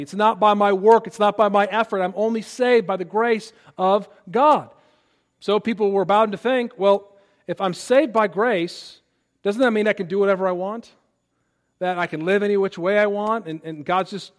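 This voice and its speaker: Male pastor from Illinois, high voice, earnest emphatic sermon delivery with repeated words. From Illinois, USA.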